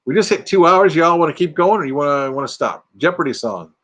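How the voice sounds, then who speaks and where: Lively, chatty retired man hosting a livestream. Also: on the high side, brisk. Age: retired, middle-aged or older. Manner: chatty and playful, reads out names and jokes, hums tunes. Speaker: livestream host. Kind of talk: casual live chat reading viewer comments. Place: inside an RV.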